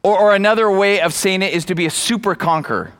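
A pastor preaches a sermon fast in a bright, high voice. He speaks emphatically, driving key phrases home again and again and calling out to the congregation.

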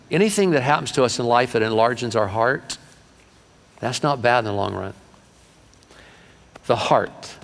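Casting: folksy middle-aged pastor, mid-range voice, sermon in a big echoing sanctuary. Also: male voice, mid-range voice, vocal fry. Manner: folksy, animated preaching with acted-out voices. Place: church sanctuary. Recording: long reverb of a large hall.

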